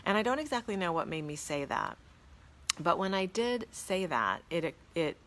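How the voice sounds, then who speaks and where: A woman's voice: on the low side, very animated, normal speed, a bit bright. A woman hosting a spiritual live stream, telling a personal story to viewers in an earnest, reverent, awed way and reading out their comments.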